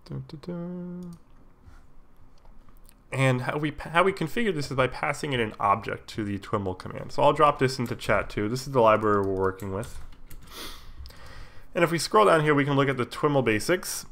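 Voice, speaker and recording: A man with a cold, casually walking viewers through code on a live stream, relaxed and full of fillers, with keyboard typing behind him. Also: medium pitch, brisk, gravelly. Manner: relaxed, explains while typing, many fillers. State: has a cold, coughing. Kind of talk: casual live coding tutorial.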